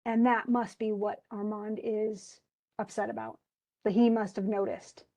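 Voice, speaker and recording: A woman's voice: medium pitch, fairly even intonation, unhurried, dark tone, rough recording. A woman college English teacher giving a conversational literature lecture, full of fillers and restarts, who reads story passages aloud.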